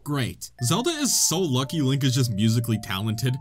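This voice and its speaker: Lively young man commenting on gameplay. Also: medium pitch, normal speed, soft background music. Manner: excitable, joking, swears casually. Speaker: let's play host.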